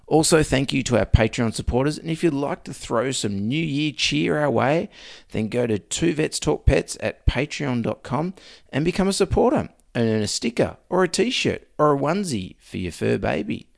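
A man's voice: medium pitch, big pitch swings, moderate pace, vocal fry, dry recording. A man with an Australian accent, a veterinarian hosting his podcast, reading a scripted intro with a dry, joking tone.

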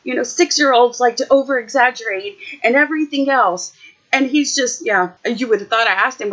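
A woman vlogger telling a family story in a casual, chatty, animated way. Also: on the high side, moderate pace. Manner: chatty, animated, jumps back and forth. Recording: dull lo-fi recording.

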